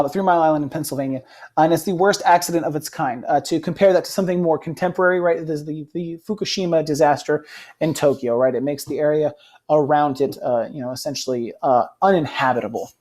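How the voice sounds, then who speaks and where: Teacher type: young man, a bit high-pitched, easygoing lecture delivery with lots of "right?". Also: a little mellow. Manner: casual, frequent "right?" check-ins and fillers. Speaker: history teacher. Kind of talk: recorded classroom lecture.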